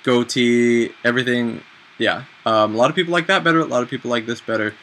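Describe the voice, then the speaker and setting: Bright-voiced chatty young man vlogging. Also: medium pitch, quick pace, slight background noise, rough recording. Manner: chatty, animated, self-mocking. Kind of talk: casual advice chat.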